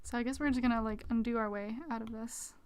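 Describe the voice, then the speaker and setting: A woman streaming her drawing, chatting casually with viewers and muttering quietly to herself as she works at a mic with a pop filter. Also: fairly high pitch, steady tone, fast talker, clear, resonant tone. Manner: chatty, reads chat aloud, mutters quietly to herself while working. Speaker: art streamer. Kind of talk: casual live-stream chat while drawing. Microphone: desk mic with pop filter.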